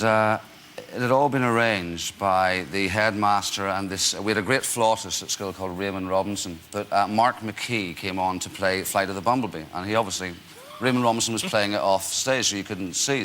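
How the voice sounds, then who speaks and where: Northern Irish man, forties, bright forceful voice, lowish pitch, hesitant self-deprecating storytelling. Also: slight background noise. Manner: self-deprecating, hesitant with many "uh"s, laughing often. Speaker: actor, talk show guest. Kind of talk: chatty anecdotes on a talk show.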